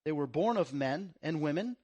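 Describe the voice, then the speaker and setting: A man hosting a casual conversation, an excitable storyteller who acts out the lines he quotes. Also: on the high side, normal speed, lo-fi sound. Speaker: host.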